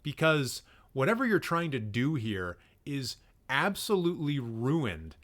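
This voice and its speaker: A man's voice: mid-range voice, big pitch swings, unhurried, fairly bright tone. A young man hosting casual reaction commentary, joking sarcastically and swearing now and then as he reacts to clips. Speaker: film commentary host.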